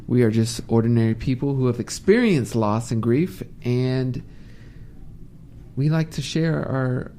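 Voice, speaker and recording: A man hosting a live talk radio show in a studio, relaxed and teasing, laughing easily. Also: mid-range voice, creaky, a little hiss or hum. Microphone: studio mic.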